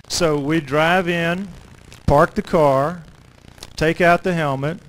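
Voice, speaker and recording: A middle-aged man, an author and lecturer, telling a story to an audience in an animated way with dramatic pauses. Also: on the high side, slight background noise, low-quality recording.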